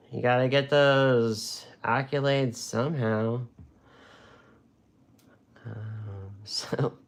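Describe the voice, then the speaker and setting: A man's voice: on the low side, vocal fry, fairly bright tone. A man teaching watercolor on a live stream, chatting and joking as he draws. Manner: joking, rambling, talks while drawing. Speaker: watercolor art instructor. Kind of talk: casual live-stream art lesson.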